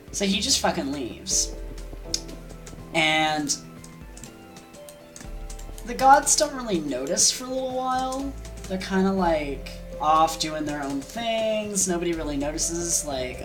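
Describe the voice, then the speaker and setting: A woman's voice: low voice, expressive, measured pace, pauses often, music in the background. A woman casually retelling an old myth, rambling with fillers, asides and slang. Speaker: storyteller.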